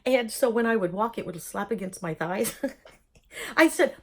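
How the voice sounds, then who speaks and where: A woman telling a personal story in a lively, joking way, acting out voices as she goes. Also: mid-range voice, unhurried, a little hiss or hum. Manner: lively, jokey, acts out voices in quotes. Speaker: vlogger telling her own story.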